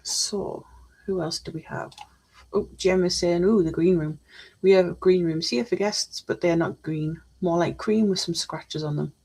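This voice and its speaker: A woman's voice: on the low side, unhurried, darkish tone, husky. A woman chatting casually on a live stream, reading out chat messages while she builds a model kit at her desk.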